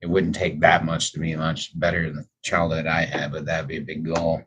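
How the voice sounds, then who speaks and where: A man's voice: rumbling low, monotone, fairly quick, a bit bright, slight background noise. A man chatting casually on a livestream, talking candidly and rambling a little, with plenty of swearing. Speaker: livestreamer answering chat. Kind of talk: casual reflective livestream chat. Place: at home.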